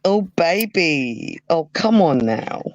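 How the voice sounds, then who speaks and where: Lively, playful older woman. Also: sits low, slow, no echo, dull audio. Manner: flirty, playful teasing. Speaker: guest on call.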